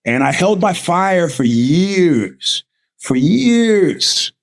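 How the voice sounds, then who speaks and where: A man with a fairly high voice hosts a live podcast from home. He rants in a combative, profane way. He laughs often and stumbles over his restarts. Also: very animated, extremely slow, gravelly. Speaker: podcast host. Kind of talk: live-streamed casual monologue.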